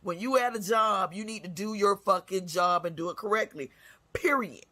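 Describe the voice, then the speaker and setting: A woman's voice: mid-range voice, moderate pace, sharp tone. Fierce, foul-mouthed woman ranting. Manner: blunt, scolding, heavy cursing. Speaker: segment host. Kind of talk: profane ranting monologue.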